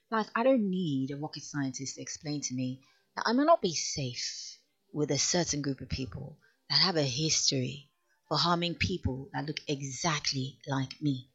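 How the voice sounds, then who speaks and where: A woman's voice: rumbling low, normal speed, fairly bright tone, breathy edge. A woman hosting a late-night radio show, talking frankly and with a teasing edge between songs. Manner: frank and teasing, laughs at listeners' views. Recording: muffled lo-fi radio broadcast.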